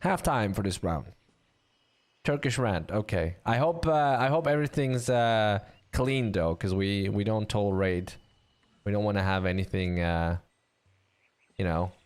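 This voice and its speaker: A man commentating an online game league, chatty and bantering with viewers, with a voice getting a bit rough. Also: on the low side, unhurried. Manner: chatty, animated, laughs and banters with chat.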